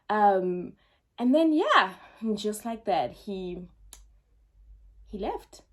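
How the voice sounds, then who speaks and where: Brief: young adult woman, expressive storyteller speaking to her own camera, even mid-range voice. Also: medium pitch, drawn-out words, pauses often. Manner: animated, emphatic, frequent ums and repeated words for effect. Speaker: vlogger. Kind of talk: casual storytime monologue.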